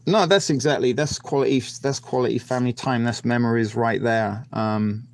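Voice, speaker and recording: Gravelly man rambling in cheeky chat. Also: medium pitch, fairly even intonation, normal speed, no echo. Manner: rambling, cheeky innuendo, many fillers. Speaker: host. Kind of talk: casual video-call chat.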